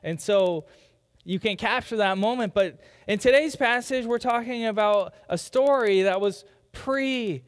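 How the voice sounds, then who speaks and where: A pastor delivers a sermon at normal speed in a large church hall, his high male voice smooth and conversational. At times he imitates skeptics, quoting them in mock voices.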